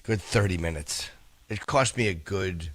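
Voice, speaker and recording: A man's voice: low voice, measured pace, breathy edge, no echo. A man co-hosting a radio talk show over a video call, his voice a little scratchy and smoky as he tells rambling, self-deprecating stories. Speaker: co-host. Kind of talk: casual radio banter. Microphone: remote video call.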